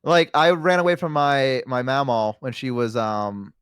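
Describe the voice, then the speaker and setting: A guest on a chat stream, telling stories in a casual, animated way and acting out other people's voices. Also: mid-range voice, a little slow, smooth, no room sound, studio quality. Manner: animated storyteller who acts out children's voices.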